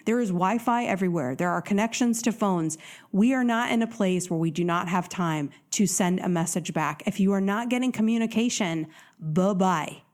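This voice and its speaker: A woman's voice: medium pitch, moderate pace. A woman hosting a dating podcast, talking casually and with energy, acting out quoted voices. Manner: animated, acts out quoted voices. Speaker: dating coach podcast host. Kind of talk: casual motivational monologue.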